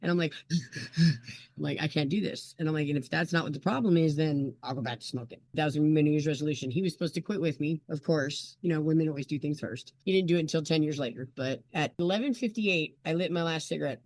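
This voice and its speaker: A woman's voice: low voice, fast, a little mellow, no room sound. A woman in her forties, a guest on an interview, telling her own story in a rambling, chatty way. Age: 40s. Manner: rambling and chatty, full of "you know" and "I'm like". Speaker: interview guest, memoir author. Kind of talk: candid personal storytelling.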